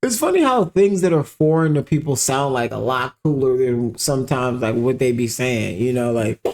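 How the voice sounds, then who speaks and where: A man hosting a casual music reaction commentary, rambling with lots of fillers and sudden animated outbursts. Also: medium pitch, moderate pace. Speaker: commentary show host.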